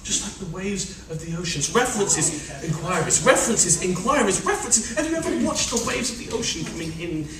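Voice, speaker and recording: A man's voice: sits high, animated, brisk, few pauses, far from the mic, music in the background. A man playing a frazzled, pleading office martyr. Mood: weary complaint. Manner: pleading, exasperated, melodramatic complaining. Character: harried middle-aged male official, overworked family man. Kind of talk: stage play rehearsal. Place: rehearsal room. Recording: echoey room recorded from afar, faint hiss.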